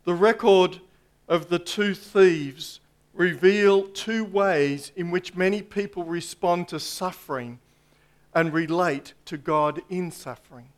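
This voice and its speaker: A man preaching a sermon in a slow, emphatic way, pausing for effect and dropping his voice low on key points. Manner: slow, emphatic preaching with dramatic pauses and drops to a hush.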